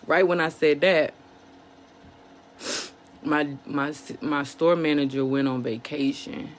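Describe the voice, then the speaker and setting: Gravelly-voiced woman talking frankly to viewers. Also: deep voice, normal speed, a little hiss or hum. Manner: emotional, speaks straight to viewers as "y'all"; colloquial, many "you know what I'm saying" fillers. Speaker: vlogger. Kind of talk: candid personal monologue to camera.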